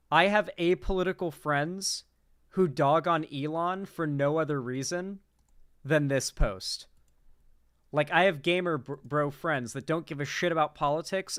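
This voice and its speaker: A man riffs through casual political reaction commentary, swearing freely and wandering off mid-thought. His voice sits a bit high and comes across smooth and crisp, recorded close and dry. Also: a bit bright, dry recording. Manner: profane, rambling, incredulous.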